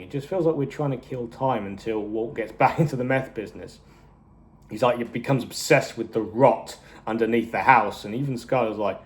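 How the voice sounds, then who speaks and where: A man's voice: mid-range voice, animated, darkish tone. Rambling man reviewing a TV series. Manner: rambling, goes off on tangents, acts out characters' lines in quick bursts. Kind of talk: casual review chat.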